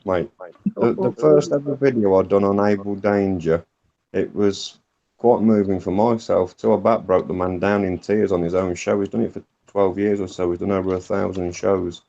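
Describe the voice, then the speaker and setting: A man's voice: low-pitched, fairly even intonation, normal speed, vocal fry, warm tone, muffled recording. A man talking earnestly in a casual chat, emphatic and stacking up words. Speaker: guest.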